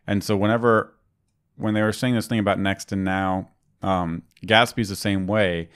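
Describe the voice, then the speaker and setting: A man's voice: sits low, fairly even intonation, moderate pace, a bit bright, clear, resonant tone. A man co-hosting a podcast, talking casually and at length, with many fillers and restarts. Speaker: podcast co-host. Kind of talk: casual technical chat.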